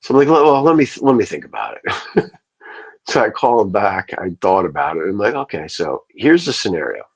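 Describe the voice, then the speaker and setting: A man's voice: low-pitched, sing-song, brisk, vocal fry, breathy edge. A man hosting a livestream, telling a long rambling story in casual, profane speech. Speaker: livestream host.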